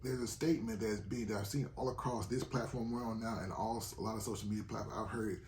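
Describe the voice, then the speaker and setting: A man's voice: lowish voice, fairly even intonation, fast talker, a little mellow, reverberant, a little hiss or hum. A man co-hosting a relationship advice show, talking candidly and emphatically, repeating his key points. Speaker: podcast co-host.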